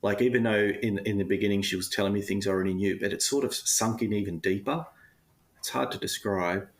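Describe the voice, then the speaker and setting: A man with a low, gravelly voice shares his story on a podcast. He talks in a candid, rambling way, full of "like" and "you know", and his voice softens with emotion at times. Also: fairly quick. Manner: candid, rambling, frequent fillers, occasional laughs; emotional when talking about himself. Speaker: podcast guest. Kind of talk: casual personal storytelling.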